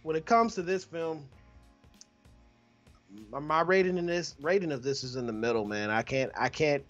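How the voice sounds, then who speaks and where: A man's voice: fairly high pitch, normal speed, a bit bright, soft background music. A man co-hosting a film review podcast, chatting casually and playfully, laughing often. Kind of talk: casual chat. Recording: dull lo-fi audio.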